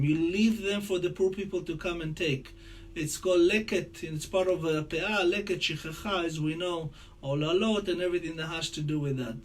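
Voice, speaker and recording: A man teaches a Torah lesson in a fairly high voice, talking in a loose, conversational way. He rattles off verses quickly before explaining them in English. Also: a little hiss or hum. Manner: conversational teaching, mixing Hebrew quotes into English. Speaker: rabbi teaching a class.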